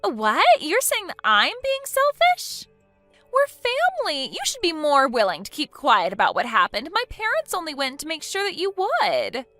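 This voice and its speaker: A woman's voice: sits high, huge pitch swings, normal speed, sharp tone, dry recording, soft background music, pitched above the performer's own voice, full character voice. A synthetic woman's voice playing an entitled young woman who talks in an indignant, self-pitying way.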